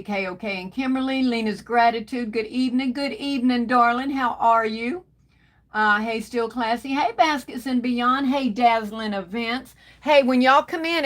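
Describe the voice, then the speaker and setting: Chatty woman greeting her viewers. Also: fairly high pitch. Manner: warm Southern endearments, calls viewers baby and darling. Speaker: livestream host greeting viewers. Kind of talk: casual livestream chat. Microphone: phone.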